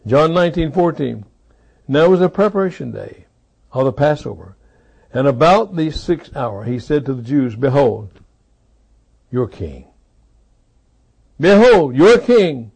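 A man preaching a sermon, repeating key phrases for emphasis and swinging between loud rises and low, quiet drops. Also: lively intonation, normal speed, creaky.

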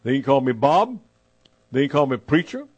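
A man preaching a sermon as pastor, emphatic, repeating his phrases and slowing down to stress them. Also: mid-range voice, very animated, darkish tone, husky, no echo, dull audio.

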